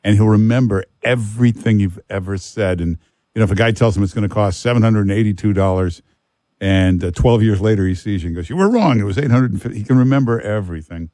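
A man's voice: lowish voice, fast talker, dark tone, dry recording, studio quality. A man hosting a talk radio show, emphatic and joking, repeating himself for effect. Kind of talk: casual talk radio chat.

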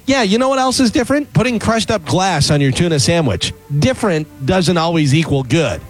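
A man's voice: high voice, animated, a little fast. A man reading a sarcastic comic open letter, mocking people in a ranting manner. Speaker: comedy segment writer. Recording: faint music bed underneath.

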